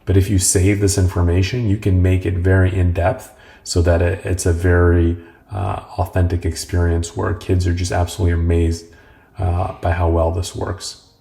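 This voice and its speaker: A man hosting a casual tech tutorial, talking in a relaxed, rambling way with filler words. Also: deep voice, moderate pace, vocal fry. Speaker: host.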